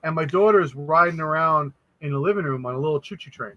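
A man, a podcast guest, telling a spooky personal story in a casual, animated way, acting out the voices of people in it. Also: fairly high pitch, fast talker, highs cut off. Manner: animated, acts out quoted voices.

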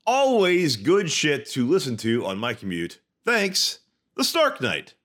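A man's voice: high voice, huge pitch swings, fairly bright tone. A man co-hosting a casual podcast, wry and profane, often restarting his sentences. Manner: swearing, wry, halting restarts. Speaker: podcast co-host.

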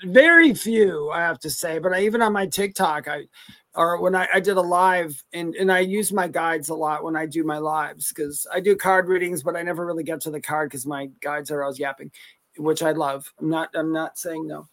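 A man's voice: on the high side, fairly even intonation, moderate pace, fairly bright tone. A man co-hosting a live paranormal chat show, talking in an easygoing, rambling way with restarts. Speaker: co-host, psychic medium. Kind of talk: casual live-stream chat.

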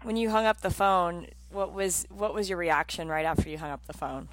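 A woman's voice: lowish voice, fairly even intonation, fairly quick, poor audio. A woman interviewing a guest, asking casual, reflective questions.

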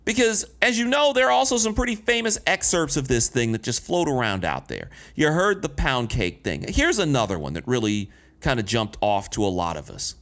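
A man in a commentary video, talking in an indignant, sarcastic way and swearing freely. His pitch rises and falls a lot as he pushes his points. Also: sing-song, moderate pace, fairly bright tone. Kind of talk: commentary vlog.

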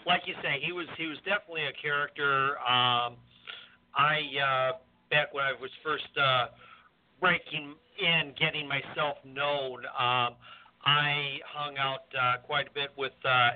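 A man's voice: medium pitch, steady tone, measured pace. A man co-hosting a radio talk show, chatting casually with lots of fillers. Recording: tinny phone line with hiss.

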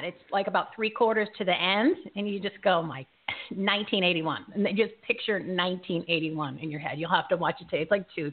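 A woman in her late forties hosting a live show, chatty and excitable, laughing often. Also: fairly low pitch. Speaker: host. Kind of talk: casual live show chat. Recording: tinny phone-like line.

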